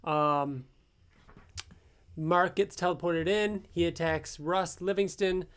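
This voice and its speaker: A man with a fairly high voice talks through a comic issue page by page. He fills his pauses with ums and uhs and keeps it loose and chatty. He sounds like a regular co-host on a fan podcast. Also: steady tone, a bit bright, smooth. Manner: summarizes plot with many ums and uhs. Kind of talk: casual comic recap chat.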